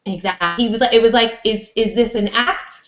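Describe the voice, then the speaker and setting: A woman's voice: fairly high pitch, a little fast, crowd noise. Chatty woman host in a roomy, dull recording. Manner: chatty, leads the discussion. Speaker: podcast host. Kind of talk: casual chat.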